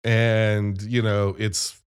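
A man chatting casually about a movie, animated and profane, retelling scenes as he goes. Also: fairly low pitch, drawn-out words, clear, resonant tone. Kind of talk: casual movie review chat.

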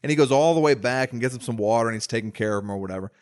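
Man, podcast co-host, casual movie chat, mid pitch, dry close mic. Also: racing, no echo. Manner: relaxed film talk, acts out scenes he describes.

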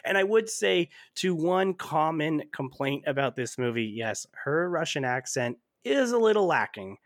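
Man, casual movie podcast host, animated, laughing, dry close mic. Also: fairly high pitch, normal speed, no room sound. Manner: animated, laughing often, trailing fillers. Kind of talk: casual movie-review chat.

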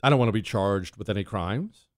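A man's voice: fairly low pitch, fairly quick, no room sound, clean studio sound. A man hosting a talk radio show, telling a story with dramatic flair and sound effects, then answering listener questions.

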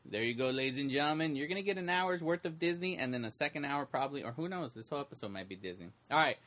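A woman co-hosting a casual podcast chat, jokey and quick to interrupt, often breaking into laughter. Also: low-pitched, expressive, a bit bright. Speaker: podcast co-host.

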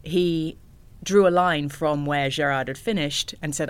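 A woman, an ocean rower, telling stories as a guest in a casual interview, animated and laughing often. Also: low voice, a little slow, smooth.

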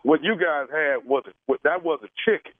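Man playing a caterer, stammering, hesitant, slightly high voice, tinny phone line. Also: normal speed, lightly acted. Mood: sheepish. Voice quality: hesitant, stammering with many uhs. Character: fumbling male caterer, apologetic and evasive. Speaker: radio prank caller. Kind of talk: prank phone call.

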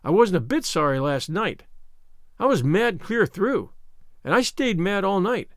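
A man's voice: high voice, sing-song, measured pace, no echo, clean studio sound. A man reading an audiobook, voicing an impulsive, dramatic young orphan girl who pleads earnestly and theatrically. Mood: sulky, ashamed.

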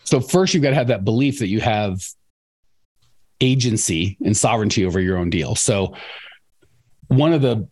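A middle-aged man hosting a casual podcast, his voice sitting low in its register. He tells stories with energy and slips into raised, playful voices when he quotes people. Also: normal speed, long pauses. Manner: animated storyteller, acts out quotes in a raised voice. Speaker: coach and podcast host for cleaning business owners.

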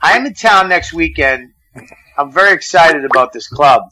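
A man's voice: on the high side, normal speed, low-quality recording. A man, a comedian guest, telling profane stories in a casual radio chat. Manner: profane, animated storyteller. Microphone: phone call-in.

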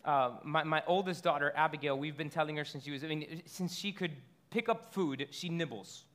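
A man's voice: fairly high pitch, normal speed, a bit bright. A man preaching a sermon in a conversational way, asking the congregation rhetorical questions and often restarting his phrases. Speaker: pastor.

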